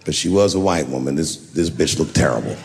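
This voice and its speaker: A man's voice: rumbling low, animated, brisk, creaky, a little mellow, a faint crowd. A man doing stand-up comedy, telling stories in a loose, conversational way and acting out other people's voices. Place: theater stage. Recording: live show in a large hall, faint ambience.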